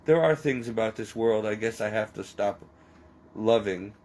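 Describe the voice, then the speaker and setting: A man rambling through an emotional personal confession, halting and near tears as he speaks. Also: fairly low pitch, a little mellow, low-quality recording.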